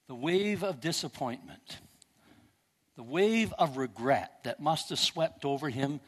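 An older man preaching a sermon, telling a story and swinging between loud and hushed delivery. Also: medium pitch, big-room sound.

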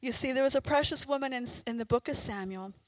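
A woman's voice: high-pitched, fast, fairly bright tone, dry recording, poor audio. A middle-aged woman preaching a sermon in an earnest, encouraging and fervent way.

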